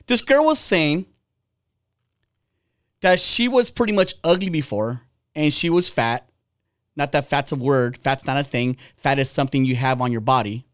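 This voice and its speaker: A man's voice: medium pitch, expressive, normal speed, long pauses, a bit bright. Profane, heated man in his forties. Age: 40s. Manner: blunt, profane, heated ranting. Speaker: podcast host. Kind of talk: casual ranting podcast talk.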